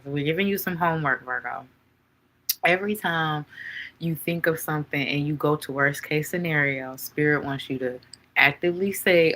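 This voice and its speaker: A woman's voice: sits low, bright, forceful tone. A woman reading tarot cards for viewers in a chatty, playful way, laughing often and calling viewers honey and baby. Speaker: tarot reader.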